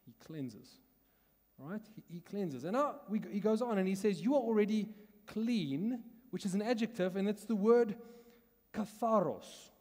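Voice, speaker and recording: Pastor, male, South African accent, mellow voice, chatty teaching tone, church hall with long reverb. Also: high voice, animated, unhurried. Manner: conversational teaching, asks the congregation questions, laughs often. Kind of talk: sermon.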